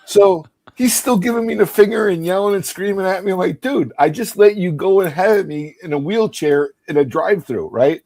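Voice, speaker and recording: A man in his fifties telling an animated story in casual chat, acting out quotes and laughing. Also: high-pitched, a little fast, hardly any pauses.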